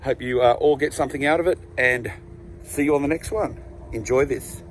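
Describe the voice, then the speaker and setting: A man's voice: mid-range voice, brisk, a little hiss or hum. Casual Australian man hosting a call. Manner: friendly, relaxed, filler-laden. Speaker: host.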